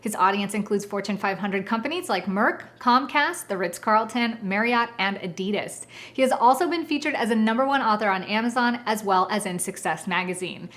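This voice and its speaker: A woman's voice: mid-range voice, expressive, brisk, fairly bright tone. A woman hosting an interview, introducing her guest and asking questions in a casual, enthusiastic way. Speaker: podcast host.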